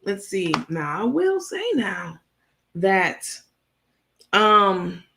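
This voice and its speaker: Female stream host, gravelly edge, blunt and gossipy, reads chat aloud between loose unscripted commentary. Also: medium pitch, big pitch swings, extremely slow, background noise. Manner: blunt, gossipy, frequent fillers and laughs. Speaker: livestream host. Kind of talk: casual commentary reading live chat.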